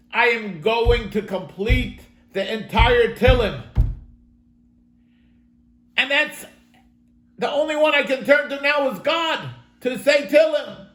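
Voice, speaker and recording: Teaching an online class from his home, a rabbi tells a story as a sermon-style lesson, earnest and dramatic, addressing everyone as "my friends." His very high voice is a bit bright, with a roomy sound.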